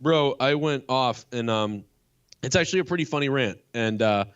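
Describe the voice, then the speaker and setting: A man, a comedian, chatting casually as a guest, rambling and swearing as he tells a story excitedly. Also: mid-range voice, normal speed, clear, resonant tone, highs cut off. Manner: profane, rambling, excitable ranting. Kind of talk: casual chat.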